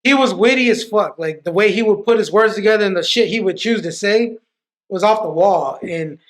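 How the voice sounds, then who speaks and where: A man appears as a podcast guest, telling stories casually in a loose, profane style full of restarts. His voice is high-pitched and his pace fairly quick.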